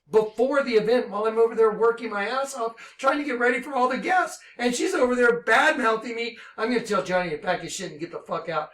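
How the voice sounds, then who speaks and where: A man acting as a self-styled minister, giving an impassioned religious monologue that swings between hushed tones and shouting. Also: high-pitched, echoey room.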